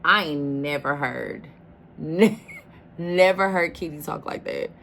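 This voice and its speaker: A woman's voice: deep voice, slow pace, creaky, a bit bright, slight background noise. A woman hosting a reaction video, talking casually and emphatically, often addressing the listener as "baby.".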